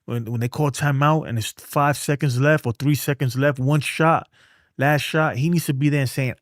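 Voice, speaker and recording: A man's voice: medium pitch, steady tone, normal speed, no echo, clean studio sound. A man who is a streamer, breaking down a baseball game in loose, slang-filled casual talk, reading chat as he goes. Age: adult with a son.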